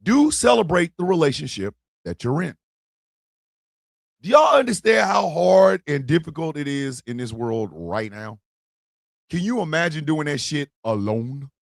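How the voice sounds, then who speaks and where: A man hosting a live talk stream, his voice a bit high and gravelly. He swings wildly up and down in pitch, often breaking into shouts and laughter. The sound is dry and close. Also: big pitch swings, unhurried, no echo. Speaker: streaming show host. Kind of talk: live talk show monologue.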